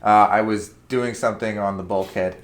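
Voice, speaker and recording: A man's voice: lowish voice, steady tone, moderate pace. Rambling young man telling a work story. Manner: rambling, with many fillers and acted-out quotes. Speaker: podcast co-host. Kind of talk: casual storytelling chat.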